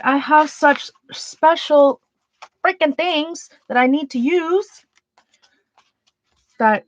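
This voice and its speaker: An art journaling streamer chats casually on her art livestream from a home art room with shelves. Her voice is high-pitched, with no echo but a muffled recording, and she rambles, second-guesses herself, and restarts often.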